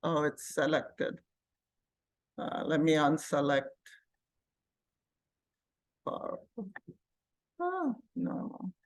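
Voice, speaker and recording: Slow, patient woman teaching a computer class. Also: deep voice, level tone. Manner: patient, thinks aloud while clicking. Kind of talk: live classroom software demonstration.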